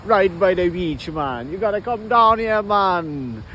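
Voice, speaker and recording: A man's voice: high-pitched, lively intonation, unhurried, pushed and bright, slight background noise, exaggerated voice. A man voicing a laid-back male troll with a Jamaican accent, drawling and ending his lines with "man". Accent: Jamaican impression.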